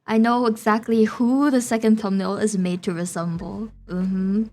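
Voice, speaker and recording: A woman's voice: medium pitch, fairly even intonation, moderate pace, darkish tone. A young woman VTuber streamer chatting casually with her viewers, giggly and talkative, often laughing between phrases.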